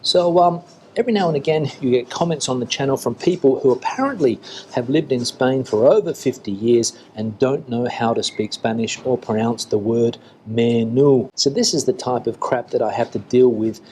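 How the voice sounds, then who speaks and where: A middle-aged man talking casually to camera in a restaurant as a food vlogger, relaxed and chatty, with frequent fillers. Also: medium pitch, normal speed, a little hiss or hum. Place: restaurant in Spain.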